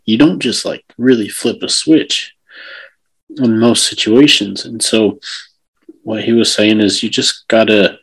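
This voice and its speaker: Low, flat-voiced reflective man. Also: unhurried, husky, rough recording. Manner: reflective, explains ideas step by step. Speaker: podcast co-host. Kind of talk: casual conversation.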